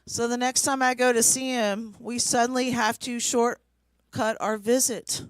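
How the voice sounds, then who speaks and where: A woman's voice: fairly high pitch, fairly even intonation, measured pace, dry recording. A woman in her forties doing a stand-up set, telling dating stories in a conversational way with dry punchlines. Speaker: stand-up comedian. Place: small comedy venue.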